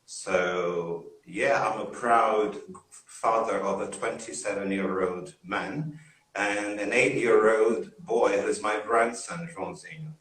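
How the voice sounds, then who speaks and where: Man, middle-aged, from northeast Brazil, British-style accent, relaxed friendly guest, lowish voice, echoey video-call room. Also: takes it slowly. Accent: British-style English. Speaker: guest, English teacher and teacher educator. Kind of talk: casual chat on a video call.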